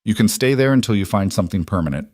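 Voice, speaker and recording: Man playing a powerful mafia boss, commanding, firm, quietly gentle, low, dry recording. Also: lively intonation, quick pace, no room sound.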